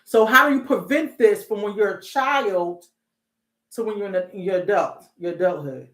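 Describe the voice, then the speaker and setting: With a medium, fairly bright voice and an even pace, a middle-aged therapist and host chats informally in AAVE about raising kids and feelings. Her talk is full of restarts and rhetorical questions, captured in a roomy, echoing space.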